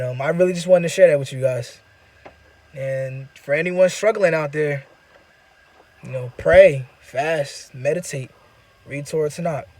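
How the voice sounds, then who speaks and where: A man's voice: fairly high pitch, darkish tone. A young man in his twenties telling a personal story in casual, rambling talk full of fillers and repeats. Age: 20s. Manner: loose, repetitive, filler-heavy talk. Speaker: vlogger sharing a personal story.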